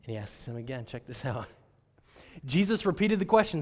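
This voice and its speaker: A man preaching a sermon as pastor, moving between loud and hushed delivery and acting out dialogue between characters. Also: mid-range voice, big pitch swings, normal speed. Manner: dynamic, swings from loud to hushed. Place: church sanctuary. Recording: long church hall reverb.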